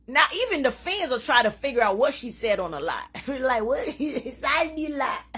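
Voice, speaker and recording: A woman hosting a casual live stream, talking in an animated way, laughing often and mixing in Creole phrases. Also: a little high, moderate pace, breathy edge. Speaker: social media live host.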